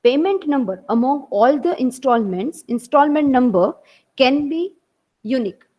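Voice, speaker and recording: A woman's voice: on the high side, darkish tone, rough recording. A woman teacher with an Indian English accent giving an online class lecture, explaining step by step and repeating her points.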